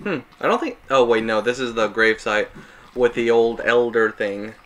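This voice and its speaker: A man's voice: mid-range voice, normal speed, a bit bright. A man giving casual, rambling gameplay commentary, self-mocking and chuckling at his mistakes. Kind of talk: casual let's-play commentary.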